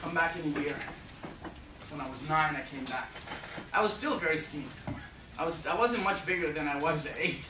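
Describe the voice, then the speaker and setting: A man with an Irish accent, giving an energetic, joking story talk in a university lecture hall. He is recorded from a distance in an echoey, noisy hall. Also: fairly high pitch, brisk, long pauses. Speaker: guest speaker.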